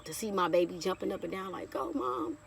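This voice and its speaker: A woman's voice: lowish voice, level tone, quick pace, gravelly, recorded from a distance, a little hiss or hum. Heartfelt chatty woman vlogger. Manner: heartfelt, chatty, keeps addressing viewers as y'all. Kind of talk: casual testimony vlog.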